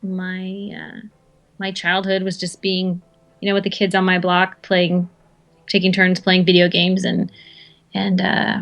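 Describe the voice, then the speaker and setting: A woman's voice: fairly low pitch, completely flat delivery, a little slow, fairly bright tone. A woman guesting in a casual interview, rambling and self-deprecating, restarting her sentences often. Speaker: voice actor guest.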